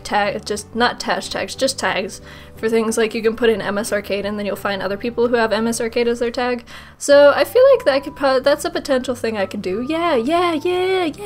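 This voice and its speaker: A young woman chats through fan questions in a vlog, joking at her own expense. Her voice sits a bit high and sounds a little rough today. She talks close to the mic with soft music behind her. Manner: playful, self-mocking, laughs often. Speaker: YouTuber answering fan questions. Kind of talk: casual vlog Q&A.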